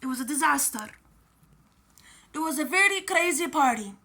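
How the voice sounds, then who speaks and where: A woman's voice: high voice, animated, moderate pace, sharp tone. A woman casually retelling a story, often repeating her phrases.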